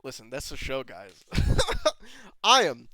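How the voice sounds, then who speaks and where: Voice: medium pitch, huge pitch swings, slow pace, sharp tone. An online reviewer ranting over footage, laughing often and swearing freely, with exasperated, incredulous questions. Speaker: video reviewer.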